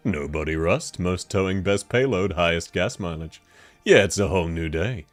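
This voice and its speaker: A sick man with a cold putting on a hard-selling truck commercial announcer voice, low and lively. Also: moderate pace, faint music behind. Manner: over-the-top sales pitch.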